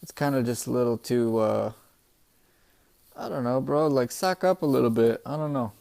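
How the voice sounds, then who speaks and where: Young man, casual recap, excitable, swears a lot, middle-pitched voice, says bro. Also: moderate pace, creaky. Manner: excitable, profane, peppered with "bro". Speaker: manga chapter reviewer.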